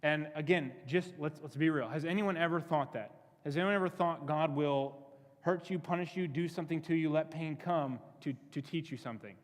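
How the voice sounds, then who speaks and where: A fairly high-voiced man preaching to a youth group, full of energy and questions for the crowd. His voice rings out with a long church-hall reverb. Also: brisk. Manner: energetic, asks the crowd many questions, repeats words. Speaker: youth pastor. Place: church sanctuary.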